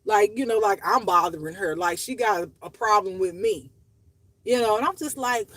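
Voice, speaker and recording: A woman hosts her own channel, speaking to viewers off the cuff in a medium-pitched, fairly bright voice at a moderate pace. Her monologue is raw and confessional, blunt and profane, her voice rising and dropping with emotion. There's slight background noise.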